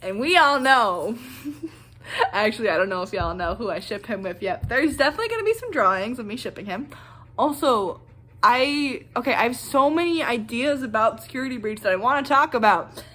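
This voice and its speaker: A young woman with a high voice, talking straight to her viewers in a loose, rambling rant. She gushes and trails off mid-sentence, full of fillers and quick restarts. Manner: excitable, gushing, rambling with fillers. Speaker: vlogger. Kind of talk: casual reaction rant.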